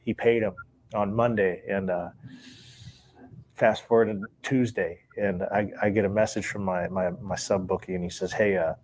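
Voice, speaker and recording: A low-pitched man speaking at normal speed tells a long, casual story from his days as a sports bookie. He acts out the dialogue as he recalls it, relaxed, with chuckles between lines.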